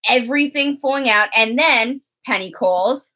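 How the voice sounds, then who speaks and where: A young woman co-hosting a casual TV recap chat, animated and laughing often as she acts out characters. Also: on the high side, normal speed. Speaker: co-host.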